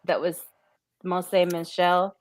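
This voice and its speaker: A woman's voice: on the low side, monotone, takes it slowly. A woman co-hosting a podcast in casual chat, rambling and giggling, with lots of "um" and "like". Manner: rambling, giggly, filler-heavy. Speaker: podcast co-host.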